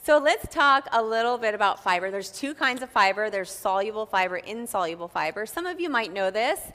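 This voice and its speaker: A woman dietitian explains nutrition in a friendly, easygoing way, at a mid pitch. Her voice carries the long reverb of the room. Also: lively intonation, brisk, a bit bright. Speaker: dietitian and host. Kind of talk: casual health chat.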